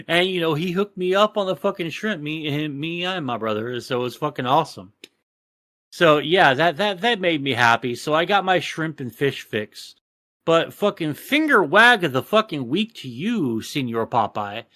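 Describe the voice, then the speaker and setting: A man from Texas with a drawl, swearing freely as he rants through a casual podcast story. His voice sits somewhat high, and the recording is close and dry. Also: normal speed, no echo. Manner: profane, animated ranting storyteller. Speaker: podcast co-host.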